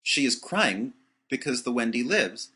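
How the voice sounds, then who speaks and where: A man's voice: medium pitch, very animated, measured pace, pushed and bright, breathy edge, voice pushed up, full character voice. A man voicing an eager young boy among a band of lost boys.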